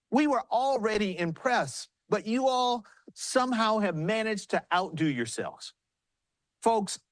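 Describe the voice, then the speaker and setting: A man's voice: high-pitched, dry recording. A man with a South Carolina accent, speaking as party chair by remote link from a busy arena, telling a story and giving earnest, rousing remarks. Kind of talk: live remarks on news broadcast. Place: large arena with commotion.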